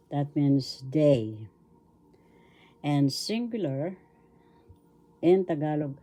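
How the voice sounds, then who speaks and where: An older Filipina teacher gives a slow language lesson, drilling words syllable by syllable and repeating them. Her voice is low-pitched and mellow.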